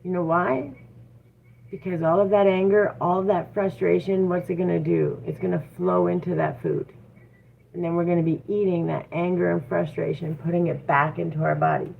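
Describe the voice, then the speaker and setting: A woman's voice: lowish voice, steady tone, moderate pace, creaky. A woman giving a casual livestream tarot reading, chatty and encouraging, with frequent fillers. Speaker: tarot reader. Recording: tinny phone-like audio with faint noise.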